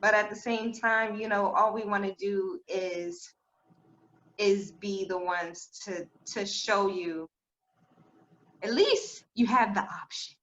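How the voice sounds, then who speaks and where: A woman's voice: medium pitch, slow, a bit bright, highs cut off. Effusive woman podcast host. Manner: effusive, emotional, gushing praise. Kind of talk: casual conversation.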